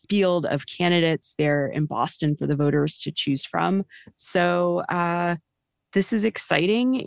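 A woman co-hosting a casual political chat show, wry and unhurried, often trailing off with fillers. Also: fairly low pitch, gravelly, dry recording, studio quality. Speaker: podcast co-host.

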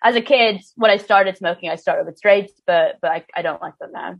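A woman's voice: lowish voice, fairly quick, creaky, dull audio. A woman from Ireland with an Irish accent, a writer chatting casually as a podcast guest, laughing easily and restarting her sentences.

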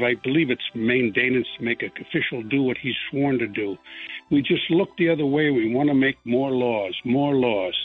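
A man's voice: a little high, slightly rough. Aggrieved male caller on a tinny phone line. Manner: earnest, aggrieved, rambling. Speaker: radio caller. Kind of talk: call-in over the phone.

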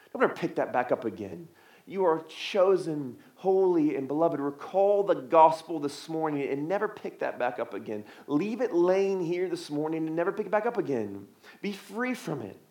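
Man preaching, sermon, high voice, hushed to urgent, repeats words, roomy echo. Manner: swings from soft and hushed to loud and urgent; repeats words and restarts phrases. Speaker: pastor.

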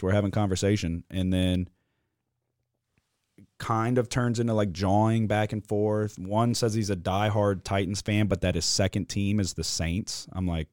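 Man, young adult, podcast host, blunt, profane, deep mellow voice, dry sound. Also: steady tone, moderate pace, no echo. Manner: blunt storytelling with cursing. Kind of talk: casual sports chat.

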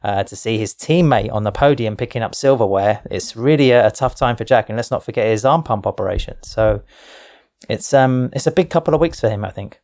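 A man's voice: on the low side, fairly quick, darkish tone, no echo, clean studio sound. A man hosting a racing discussion, talking with hesitations and fillers. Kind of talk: studio discussion.

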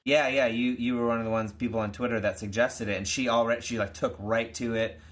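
A man's voice: mid-range voice, fairly even intonation, quick pace. Laughing man chatting as a guest. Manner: rambling, laughing, many restarts. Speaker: guest musician. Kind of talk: casual chat.

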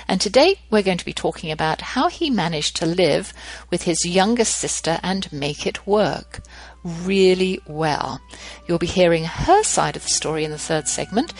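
A woman's voice: lowish voice, no room sound, poor audio. A middle-aged woman, hosting a show and telling a family story with wry, dry humor. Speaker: podcast host. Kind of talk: storytelling monologue.

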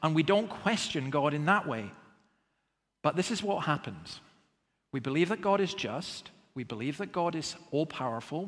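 A man preaching with earnest emphasis, pressing his listeners with rhetorical questions. His voice sits a little higher than most men's. The sound rings with the long reverb of a hall. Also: fairly bright tone. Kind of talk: sermon.

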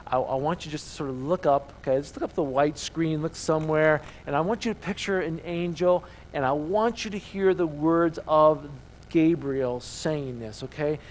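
A man's voice: on the high side, a little hiss or hum, rough recording. A man preaching a sermon to his congregation, talking emphatically and firing off repeated rhetorical questions. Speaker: pastor. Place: church service with congregation.

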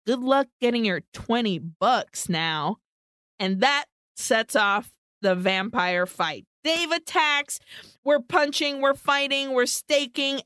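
Animated woman recapping a film. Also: sits high, clear, resonant tone, no echo, clean studio sound. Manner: animated retelling, swears freely. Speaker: podcast co-host. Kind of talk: casual chat recapping a film.

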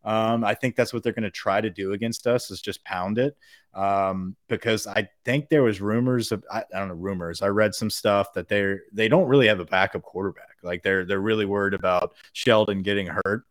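A man with a lowish voice talks through a college football game in loose podcast banter. He laughs easily and swears now and then. The close studio mic sounds dry. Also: fairly even intonation, a little fast, dry recording. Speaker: podcast co-host. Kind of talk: casual sports chat.

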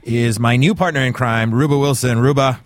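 A man's voice: medium pitch, moderate pace, dry recording, soft background music. A man hosting a podcast in casual chat, chatty with frequent stammering restarts. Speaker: podcast host.

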